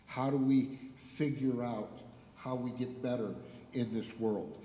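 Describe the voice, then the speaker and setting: A man's voice: mid-range voice, steady tone, a little slow, mellow, slight background noise. A man, a pastor, giving a conversational panel introduction with easy fillers. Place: church hall. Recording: echoey hall, slightly dull sound.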